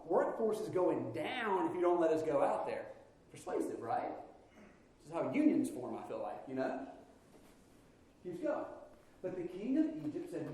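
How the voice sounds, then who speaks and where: In a very echoey church sanctuary, a pastor preaches a conversational, playful sermon, often breaking off to address the congregation. His fairly high, warm voice is very animated, at normal speed, with long pauses.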